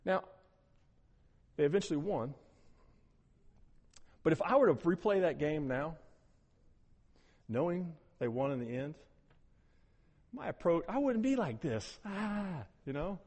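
A male pastor delivers a sermon in a slightly higher-than-average voice. He moves from quiet, low stretches to loud, emphatic bursts. The recording carries the long reverb of a large hall. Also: measured pace, long pauses. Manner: animated, swings from hushed to loud, acts out quotes.

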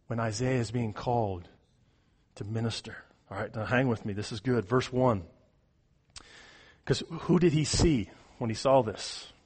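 A man preaching a sermon, his voice swinging from hushed asides to shouting, often repeating words as he restarts his phrases. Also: high voice. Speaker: pastor.

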